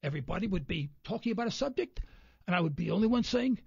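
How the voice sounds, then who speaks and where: A man rambles through stories as a radio guest, acting out the people he quotes. His voice is high and swoops widely, with a husky, gravelly texture. The audio is dry and dull, like lo-fi radio. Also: very fast, no echo. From New York. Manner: animated storyteller, acts out quoted people. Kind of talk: rambling anecdotal radio interview.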